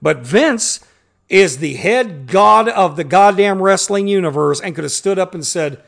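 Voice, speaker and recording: A man's voice: high-pitched, expressive, measured pace, vocal fry, fairly bright tone. A man co-hosting a podcast in casual chat, heated and profane, acting out quotes as he talks. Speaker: podcast co-host.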